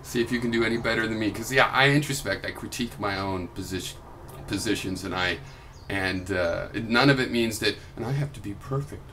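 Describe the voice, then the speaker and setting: A man's voice: fairly low pitch, a little fast, pushed and bright, slight background noise. A young adult man recording a heated reply vlog, ranting in a combative, sarcastic and profane way. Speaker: video blogger.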